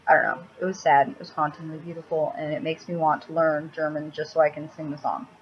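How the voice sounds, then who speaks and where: A blunt, cranky woman with a low voice who swears freely as she rambles through a casual makeup vlog. She talks into a laptop mic at home. The audio is a little dull, with a faint hiss. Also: little pitch movement, quick pace. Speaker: makeup vlogger.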